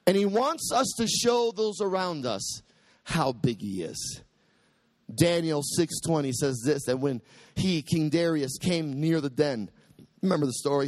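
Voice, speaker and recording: A man preaching a sermon, quoting scripture and building to shouted peaks. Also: no room sound. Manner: preaching with soaring pitch and sudden shouted peaks; quotes scripture in dramatic voices.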